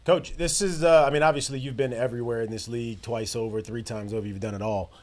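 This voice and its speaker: Co-host, man, medium voice, brisk friendly question. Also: medium pitch, fairly even intonation, a little mellow. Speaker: podcast co-host. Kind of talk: casual interview chat.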